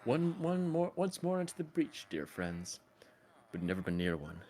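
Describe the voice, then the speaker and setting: A man reading the lines of an earnest male therapist lecturing a young man, in a steady tone with stumbles. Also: medium pitch, moderate pace. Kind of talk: casual reading of a film scene.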